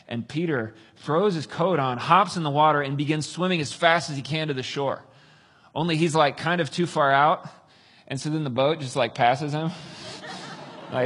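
Husky-voiced man telling a sermon story. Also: on the high side, moderate pace, pauses often. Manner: animated storytelling, acts out voices. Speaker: pastor.

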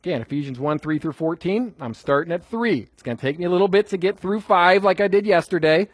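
A man teaches a class on memorizing verses, talking casually and prompting the group with questions. His voice sits a bit high and sounds husky. The sound is dry and close, with little room echo. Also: fast talker. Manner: conversational, asks the audience questions, repeats for emphasis. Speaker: Bible teacher.

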